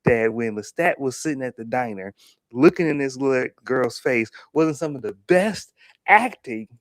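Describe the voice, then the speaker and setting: A man co-hosting a casual TV review discussion, animated and repeating himself as he makes his point. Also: mid-range voice, moderate pace, no echo, clean studio sound. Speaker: podcast co-host.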